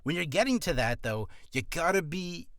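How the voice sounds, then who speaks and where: A slightly high-voiced man talks through career advice in a loose, rambling way, restarting his sentences as he goes. He coughs from acid reflux now and then. The sound is dry and close. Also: very animated, moderate pace, fairly bright tone, no echo. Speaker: voice actor giving career advice. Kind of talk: casual advice vlog.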